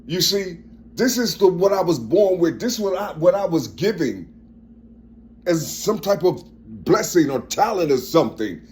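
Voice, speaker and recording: His voice sits high and sounds animated, moving at a moderate pace. He's a man in his fifties with a strong, forceful delivery, rambling about personal matters and circling back on phrases while groping for words.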